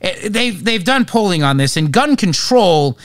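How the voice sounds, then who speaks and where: A man's voice: high voice, very animated, measured pace, no room sound, clean studio sound. Rambling sleep-deprived male talk host. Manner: rambling, jumps between topics. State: short on sleep. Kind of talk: casual political commentary.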